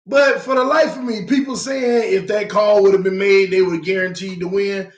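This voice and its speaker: Slightly hoarse male stream host. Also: sits high, fairly even intonation, normal speed, few pauses, roomy sound, lo-fi sound. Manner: greets viewers by name, slangy and loose; gets loud and heated when arguing a point. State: slightly hoarse, losing his voice. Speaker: host of a live fan stream. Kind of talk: casual live-stream chat.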